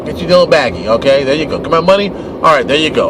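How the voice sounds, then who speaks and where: A man talks through a casual monologue with animated exasperation and slips into short mock dialogues. His voice sits a bit high. Clear traffic and street noise run behind him outdoors. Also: fast talker. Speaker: podcast host and game publisher.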